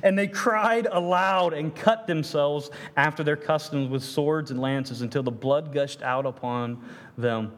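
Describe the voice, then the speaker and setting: High-voiced preacher man in a reverberant hall. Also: a little slow. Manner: reads scripture aloud, then riffs with jokes and self-deprecating asides; frequent stammered restarts. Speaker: pastor. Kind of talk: sermon.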